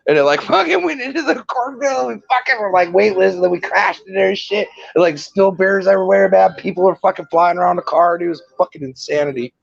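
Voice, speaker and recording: A man's voice: sits high, quick pace, creaky, hardly any pauses, no room sound, dull audio. A man telling a long rambling story in casual chat, swearing and laughing often.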